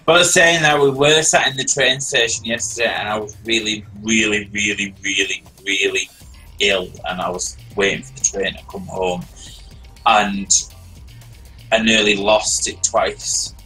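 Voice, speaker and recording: A man's voice: fairly low pitch, a little slow, low-quality recording. A man, hosting a stream and rambling through a long story in casual chat. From Britain. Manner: rambling and animated, repeats words while telling a story. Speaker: stream host. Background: faint background music.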